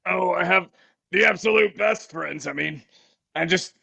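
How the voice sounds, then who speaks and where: A man doing a gruff teen anime hero with a gravelly, high, bright rasp who gushes tenderly and keeps choking up. It's improv comedy. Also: a little slow, exaggerated voice. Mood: gushing. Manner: gushing, sentimental, choking up.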